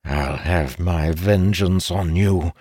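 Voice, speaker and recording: A man voicing a desperate male ship captain who shouts and pleads in anguish, losing his ship. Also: fairly low pitch, lively intonation, takes it slowly, no room sound, studio quality, voice pushed up. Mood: cold vow. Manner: yelling, anguished.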